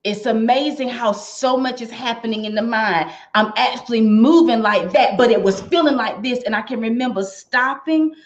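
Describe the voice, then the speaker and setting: A woman's voice: a little high, normal speed, few pauses. A woman giving an earnest personal testimony about her experience with a company's products, acting out what people said to her. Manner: earnest storytelling, acts out quoted remarks.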